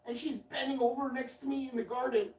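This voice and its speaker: A man's voice: very high-pitched, steady tone, fairly quick, darkish tone. A man hosting a late-night livestream, telling a long anecdote in a loose, swearing, self-interrupting way. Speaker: livestream host. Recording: roomy and distant from the mic.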